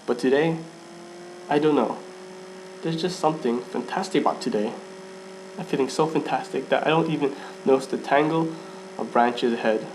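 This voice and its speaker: A man's voice: mid-range voice, normal speed, pauses often, darkish tone, a little hiss or hum, poor audio. A man reading a first-person fan story aloud, often stumbling and restarting lines and laughing at his own slips. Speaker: fan fiction reader.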